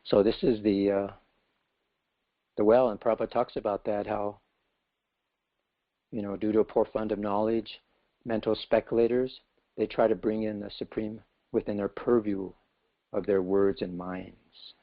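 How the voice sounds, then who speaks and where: Casual gravelly guy telling a story at a class, lots of you knows, low voice. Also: little pitch movement, moderate pace, long pauses, dry recording. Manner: casual, storytelling with many fillers. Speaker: speaker giving a scripture class. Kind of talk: storytelling lecture. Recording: dull lo-fi class recording.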